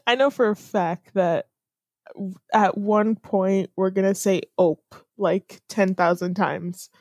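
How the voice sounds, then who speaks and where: Slow-talking woman, dry sound. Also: medium pitch, fairly even intonation, a little mellow, no room sound. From Illinois. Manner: laughing, easygoing. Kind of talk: casual chat.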